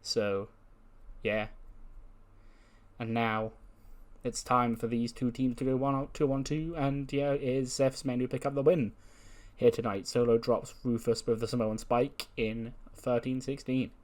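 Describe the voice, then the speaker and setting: A man's voice: medium pitch, little pitch movement, measured pace, darkish tone. A man giving a laid-back, jokey recap of a wrestling sim game, with many ums. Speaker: game commentator.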